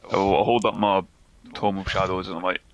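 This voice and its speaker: Brief: very deep male player, loud, hesitant, quick casual talk. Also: level tone.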